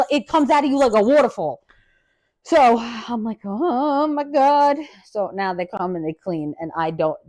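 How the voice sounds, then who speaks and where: A woman hosting a podcast, telling a wild story in a casual, profane rant, swinging from loud and laughing to low, quiet asides. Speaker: podcast host.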